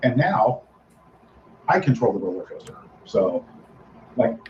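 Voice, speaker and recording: A man's voice: mid-range voice, sing-song, a little slow, warm tone, echoey room, dull audio, a little hiss or hum. A man hosting a live stream from the Philippines, rambling casually and greeting his viewers one by one. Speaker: livestream host. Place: home in the Philippines.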